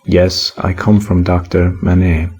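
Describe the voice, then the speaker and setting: Man reading a grim, reserved middle-aged wine-shop keeper, deep and husky, curt and mechanical. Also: flat delivery, measured pace, darkish tone, soft background music.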